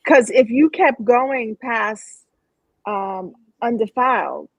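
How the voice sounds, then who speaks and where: A woman's voice: on the high side, takes it slowly, slightly rough, no echo, dull audio. A woman on a live panel, speaking with dry humor. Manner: dry humor, lively delivery. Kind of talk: casual panel discussion.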